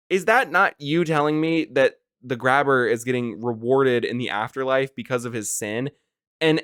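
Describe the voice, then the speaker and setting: A man's voice: mid-range voice, a bit bright, clear, resonant tone, no echo, clean studio sound. A man hosting a casual film review, talking sarcastically and with exasperation, with many filler "like"s. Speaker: movie review host.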